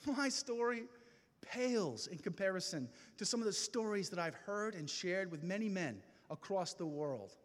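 A man giving an impassioned testimony sermon to a gathering, preaching with slow dramatic pauses. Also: sits high, lively intonation. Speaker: speaker at a men's gathering. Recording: reverberant hall.

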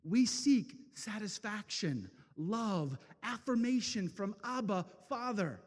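Impassioned preacher man, lively pitch. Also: big-room sound. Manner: dramatic, swings from loud to hushed. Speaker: speaker at a men's event. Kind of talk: impassioned sermon.

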